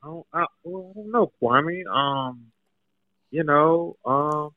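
A man with a slightly high voice speaks calmly and hesitantly over a dull, lo-fi phone line. He keeps trying to cool things down. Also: slow pace, no echo. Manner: calm, hesitant, placating. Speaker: guest on phone call.

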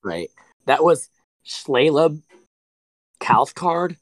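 A man's voice: fairly high pitch, big pitch swings, extremely slow, dry recording, rough recording. Rambling man on a dry podcast mic. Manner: rambling storyteller, laughs a lot. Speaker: podcast co-host. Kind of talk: casual podcast chat.

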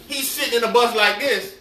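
A man's voice: very high-pitched, normal speed, bright, forceful tone. A man telling profane, laughing stories about a coworker at a bus depot, acting out what people said. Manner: storytelling, quotes others, laughing. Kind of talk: casual banter among coworkers. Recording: echoey room, distant mic, faint noise.

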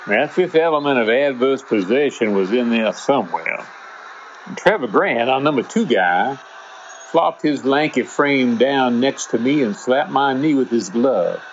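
A man's voice: medium pitch, unhurried, a little hiss or hum. Man reading a first-person story. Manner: relaxed, conversational storytelling. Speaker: narrator. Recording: dull lo-fi with faint music.

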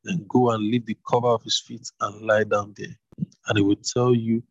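A man voicing an eager older widow giving her daughter-in-law advice in a read-aloud Bible story, with a husky voice. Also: on the low side, flat delivery, moderate pace, dry recording, lo-fi sound. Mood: coaxing.

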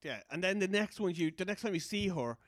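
A man's voice: high-pitched, animated, a little fast, fairly bright tone, no room sound, studio quality. A man in casual chat who rambles, swears and trails off.

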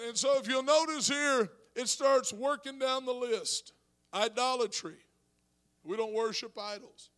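High-voiced preaching pastor. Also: male voice, measured pace, clean tone. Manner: rising to shouted preaching; talks to congregation with asides. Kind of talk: sermon.

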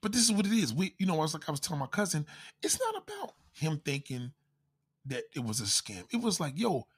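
A man ranting in a loud, profane, comedic style, constantly swearing and acting out quoted voices. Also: on the high side, wildly swooping pitch, brisk, husky.

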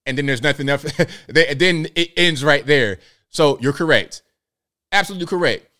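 A man's voice: on the high side, moderate pace, bright, forceful tone. A man hosting a live call-in stream in casual, joking commentary, slangy and talking straight to his viewers. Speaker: show host.

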